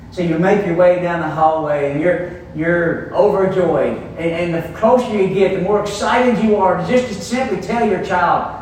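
A man preaching a sermon, teaching a Bible passage slowly and deliberately in a church hall, heard from a distance. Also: sits high, darkish tone, a little hiss or hum. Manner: teaching verse by verse, slow and deliberate. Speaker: pastor. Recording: very echoey room, voice from far off.

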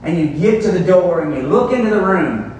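A man preaching a sermon, teaching a Bible passage slowly and deliberately in a church hall, heard from a distance. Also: high-pitched, animated, darkish tone, a little hiss or hum. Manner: teaching verse by verse, slow and deliberate. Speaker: pastor. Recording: very echoey room, voice from far off.

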